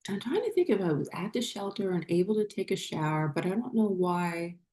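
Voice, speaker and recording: Her somewhat low, mellow voice moves expressively as she recounts something from her own life. She's a spiritual vlogger, and the telling wanders and halts, packed with fillers and restarts.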